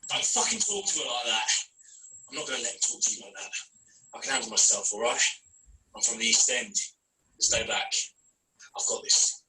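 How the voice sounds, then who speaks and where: A man's voice: medium pitch, sing-song, normal speed, pauses often, pushed and bright. A man voicing a hot-headed young man defending his girlfriend in an online script reading, blustering and combative. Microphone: video call mic. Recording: echoey room, mic at a distance.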